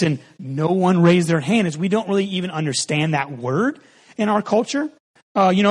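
A pastor in his forties preaches in a bright, high voice, easy and conversational. He mixes humor into his sermon and tells stories with animation. His words ring out with a long reverb through a church hall.

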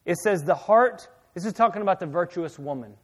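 Middle-aged male pastor, fairly high voice, very expressive delivery that drops to near-whispers for effect. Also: brisk, breathy edge. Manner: lively storytelling preacher, repeats words, swings from loud to hushed. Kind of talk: sermon.

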